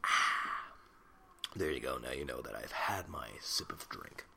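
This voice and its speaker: A man's voice: extremely low pitch, lively intonation, moderate pace, vocal fry, background noise. A man in his twenties hosting a solo podcast on a desktop mic at home, rambling and self-conscious, swearing casually. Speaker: podcast host. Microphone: desktop USB mic.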